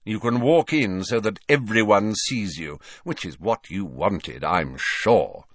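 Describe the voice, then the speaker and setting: A man voicing a cold, sneering male schoolmaster who speaks slowly and silkily with quiet menace. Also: lowish voice, lively intonation, no echo, clean studio sound, heavily acted.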